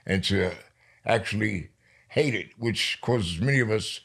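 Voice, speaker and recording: Older New York man, gravelly voice, lively storyteller guest on an interview show. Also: on the low side. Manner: lively storyteller, slows down for emphasis. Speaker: poet guest.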